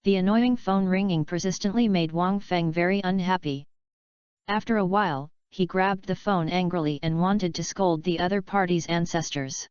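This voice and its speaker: A woman reads an audiobook in a steady, even way. Her voice is low and very clear. The recording is dry and slightly dull and lo-fi. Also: moderate pace, no echo. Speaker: audiobook narrator. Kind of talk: scripted narration.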